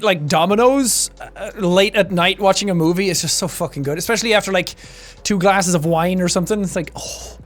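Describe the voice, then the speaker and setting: A young Irish man livestreaming from a home setup, chatting casually and joking as he reads chat, with a clean studio mic. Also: sits high. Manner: joking, animated, mimics accents for laughs. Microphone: studio shotgun mic with filters.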